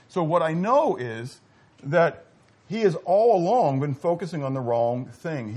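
A middle-aged man preaching a sermon, swinging between loud exclamations and quiet asides and putting questions to his listeners. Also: on the high side, slightly rough. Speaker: pastor.

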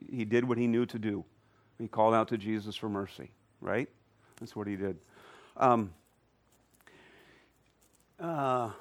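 A man teaching a Bible class to a live audience, animated and often putting questions to the listeners. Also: medium pitch. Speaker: church teacher.

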